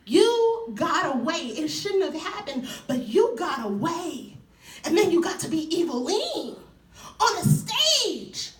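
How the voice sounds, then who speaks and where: A woman performs spoken word live, tender one moment and playful the next. Her high voice rises and falls with wide swings. She sounds far from the mic in an echoey hall. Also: a little slow. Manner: tender, playful and animated, laughing often. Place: university event hall, before an audience.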